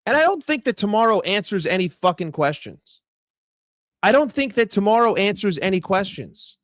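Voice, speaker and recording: A young man ranting casually about football in a vlog, swearing freely and talking in a chatty, animated way. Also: high-pitched, moderate pace, dry recording, clean studio sound. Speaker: football vlogger.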